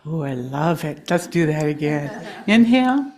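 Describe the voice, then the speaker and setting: A woman speaker at a congregation gathering, gently guiding listeners through breathing and grounding, encouraging and quick to laugh. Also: low voice, animated. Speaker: guest speaker. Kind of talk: guided breathing exercise in a talk. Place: congregation hall.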